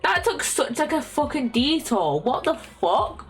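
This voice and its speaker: Young woman, game streamer, foul-mouthed, thinking aloud, unhurried, swooping pitch. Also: big pitch swings. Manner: swears constantly, thinks aloud while guessing words. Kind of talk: casual game commentary. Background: faint lo-fi music.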